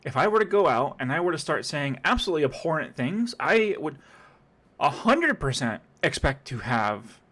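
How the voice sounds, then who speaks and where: A man's voice: on the high side, big pitch swings, normal speed, fairly bright tone. Sarcastic rambling man reacting to a clip. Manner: rambling, sarcastic, many restarts. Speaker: streamer reacting to a video. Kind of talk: casual reaction commentary.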